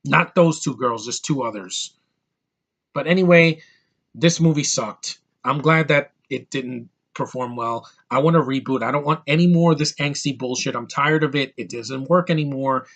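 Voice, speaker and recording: A man's voice: medium pitch, normal speed, a bit bright, highs cut off. A man in his thirties giving an angry, profane movie review rant, hammering his points with emphatic repetition. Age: 30s.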